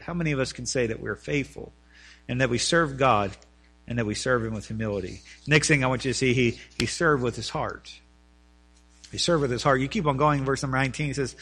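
Bright-voiced male pastor preaching. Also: mid-range voice, moderate pace. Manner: preaching with rising emphasis and repetition. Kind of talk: sermon.

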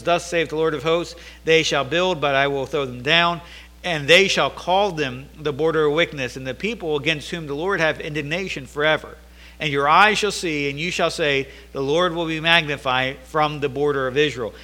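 A man with a high, bright voice preaching a sermon. He reads verses aloud, then breaks them down in a conversational way, acting out the voices he quotes. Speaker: pastor. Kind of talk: sermon with scripture reading.

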